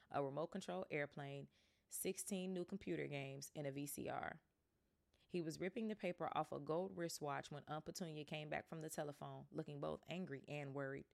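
A woman's voice: deep voice, gravelly. A woman hosting a podcast, reading a book aloud casually and breaking off to chat about it. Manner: chatty, breaks off to react. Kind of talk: casual read-aloud with asides.

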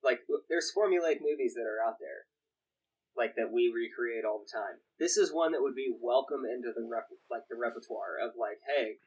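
Husky young man rambling about a film. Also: medium pitch, expressive, fairly quick, a little mellow, muffled recording. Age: young adult. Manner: rambling with many restarts and quoted asides. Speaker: podcast co-host. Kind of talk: casual film chat.

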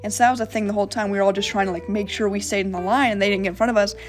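Fast-talking rambling young woman. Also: medium pitch, soft background music. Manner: rambling, profane, animated retelling. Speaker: podcast host. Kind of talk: casual storytelling.

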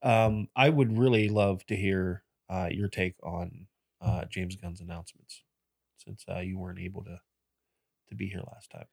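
A man with a somewhat low voice, speaking earnestly and stammering through his sentences. The recording is dry and close, with no room echo. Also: fairly even intonation, normal speed, vocal fry, darkish tone. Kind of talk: casual chat.

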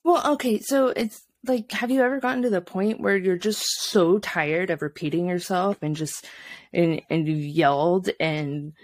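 A woman's voice: fairly low pitch, moderate pace, a little mellow, dry recording. A young woman co-hosting a casual parenting chat, telling blunt stories and swearing freely. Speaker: podcast co-host.

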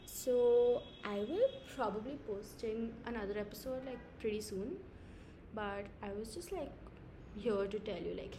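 A young woman from India with a squeaky voice, rambling and giggling through an improvised podcast from home late at night. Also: unhurried, warm tone, a little hiss or hum. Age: young adult. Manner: giggly, rambling, self-mocking. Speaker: podcast host. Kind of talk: casual improvised podcast chat.

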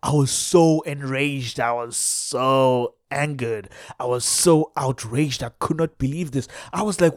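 A South African man tells a comic story with lots of energy, throwing in Xhosa exclamations as he goes. He sits at a middling pitch for a man. The sound is dry and close, with almost no room reverb. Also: unhurried, hardly any pauses. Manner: animated, mixes in Xhosa exclamations.

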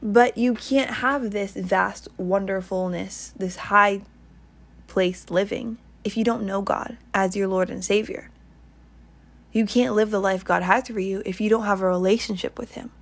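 Woman, online preacher, casual sermon, earnest, repetitive, middle pitch. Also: fairly even intonation, a little slow. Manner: earnest, repetitive, rambling exhortation.

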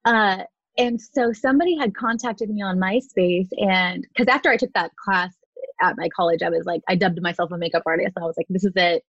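A woman in her thirties, a makeup artist, recounts her start in a loose, talkative interview voice that is neither high nor low for a woman. She sprinkles in fillers and slips into quoted voices as she goes. The recording is dry and a little dull, with no room sound. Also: a little fast, no room sound. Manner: chatty, lots of "like" and "you know", acts out quotes. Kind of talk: casual interview storytelling. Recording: dry, slightly dull audio.

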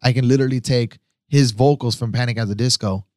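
A man's voice: medium pitch, steady tone, fast, a little mellow, dry recording. Easygoing male DJ co-host, casual talker, dry studio mic. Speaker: DJ and podcast co-host. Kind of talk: casual chat.

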